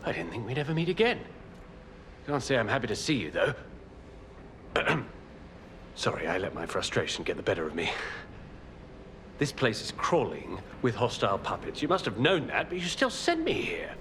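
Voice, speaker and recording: A haughty wounded-pride hunter in a game, formal and stiff, pitch swinging a lot. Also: male voice, wildly swooping pitch, moderate pace, pauses often, a bit bright, slight background noise. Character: proud, wounded male monster hunter called the Hound. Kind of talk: video game character dialogue.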